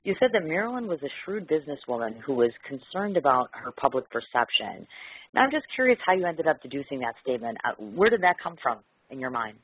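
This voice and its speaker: A man's voice: medium pitch, very animated, quick pace, breathy edge, dry recording. A man hosting a radio interview show, talking in a gushing, effusive way with many fillers. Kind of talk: excitable radio interview chat. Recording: lo-fi phone-like radio audio.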